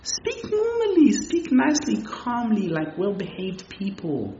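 A man voicing an upset traveler who demands his money back, pleading and shouting in a high voice. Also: wildly swooping pitch, measured pace, slight background noise, full character voice. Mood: indignant. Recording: echoey, slightly muffled room recording.

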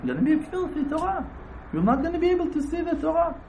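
Man, rabbi's sermon, emphatic repetition, swooping animated pitch, faint background hum. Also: fast, vocal fry. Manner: emphatic, repetitive, laughing asides. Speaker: rabbi teaching. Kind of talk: Torah sermon.

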